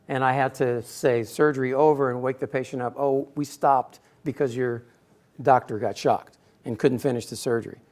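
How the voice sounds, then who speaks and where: A middle-aged man telling a personal story in a speech to an audience, acting out quotes with sudden loud bursts. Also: medium pitch. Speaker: speaker giving a personal talk.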